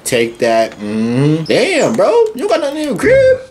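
A man commenting on a video game as he plays, casual and loud, swearing and shouting often. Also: fairly high pitch, wildly swooping pitch, a little slow, a little hiss or hum. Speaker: gaming streamer. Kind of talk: casual let's-play commentary.

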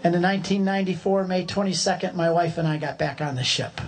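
A man in his sixties telling his conversion story as a humorous, animated parable, acting out voices and shouting in places. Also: high-pitched, fast talker. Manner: preacherly, builds a long parable.

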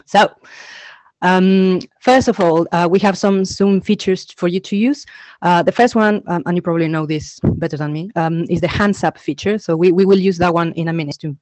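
A woman's voice: on the low side, moderate pace, dry recording. A woman from Argentina presenting a teacher-training webinar over a video call, chatty and full of ums. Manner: chatty, lots of ums and uhs; excited reading out names from the chat. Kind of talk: online conference talk. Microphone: computer mic on a video call.

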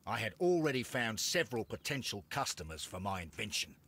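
Self-important Victorian gentleman inventor, husky, lively pitch, game dialogue. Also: fairly quick, full character voice. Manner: pompous, easily outraged. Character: indignant male Victorian businessman-inventor. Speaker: game character.

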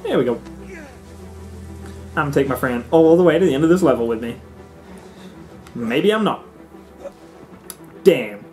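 A young man giving animated, swear-filled let's-play commentary, often squealing and shouting at the game. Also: medium pitch, normal speed, pauses often, soft background music. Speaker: gaming let's-play host.

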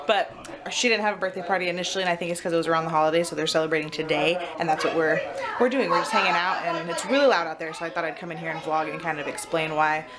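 A woman's voice: low voice, steady tone, racing, over a noisy crowd. A young woman and new mother chatting casually for her vlog, rambling a little and laughing easily.

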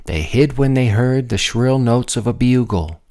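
A man reading a rhyming picture book aloud in an expressive, sing-song manner. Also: medium pitch, measured pace. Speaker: storybook reader.

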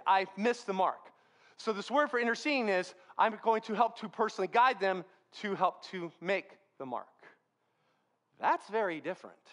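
A man's voice: sits high, fairly bright tone. A man preaching a sermon in a church, conversational and self-deprecating, telling stories with humor. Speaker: pastor.

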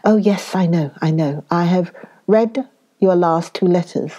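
Elderly foreign professor, effusive and solemn, slow measured delivery, read by a woman narrator in a low-ish voice. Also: warm tone. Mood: attentive. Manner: solemn, halting, oddly worded speech. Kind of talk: audiobook character reading.

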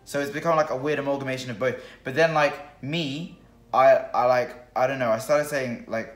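A young man with an Australian accent, rambling and animated in a casual family chat, with lots of fillers. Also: medium pitch, moderate pace. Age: young adult. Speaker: host's son. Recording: echoey room, faint music.

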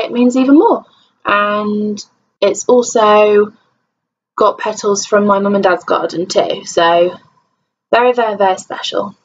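A woman's voice: medium pitch, dull audio, a little hiss or hum. A tired young woman from England chatting to camera in a rambling, self-deprecating vlog. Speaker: vlogger. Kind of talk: casual chat to camera.

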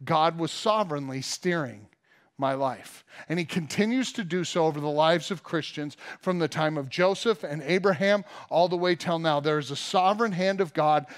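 A man with a slightly high voice preaches in church like he is telling a story to friends. He keeps it loose and chatty, stopping for little asides and fillers as he goes. He sounds like a pastor in his forties. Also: moderate pace. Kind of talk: sermon.

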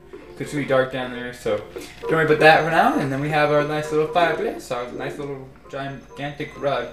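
A young man talks through a video game in a loose, rambling way, often restarting his sentences. His voice sits in an ordinary middle pitch. The room around him sounds roomy and echoey, with faint music underneath. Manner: rambling, chatty, self-correcting. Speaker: let's play gamer. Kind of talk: casual gameplay commentary. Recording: roomy echo.

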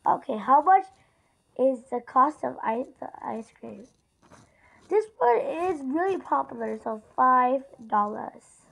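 A woman's voice: high voice, animated, a little slow, vocal fry, fairly bright tone, rough recording. A female YouTuber chatting casually to viewers while narrating her gameplay in a rambling way. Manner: chatty and rambling, often addresses viewers directly. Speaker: gaming YouTuber.

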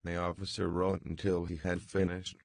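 A man reading a classic novel aloud as an audiobook narrator, in a measured, even manner. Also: deep voice, gravelly, dry recording.

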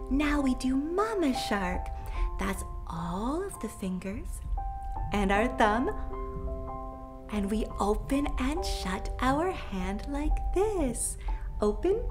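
A young woman hosting a children's show, leading toddlers through hand actions in an animated, sing-song way. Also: high-pitched, drawn-out words. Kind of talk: playful teaching for toddlers. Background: music.

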